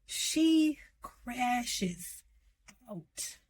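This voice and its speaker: A woman's voice: a little high, drawn-out words, no room sound. A woman giving a sassy, slangy recap of reality TV gossip, acting out what the cast said. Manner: sassy, animated, slangy, acts out quotes. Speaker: gossip commentator.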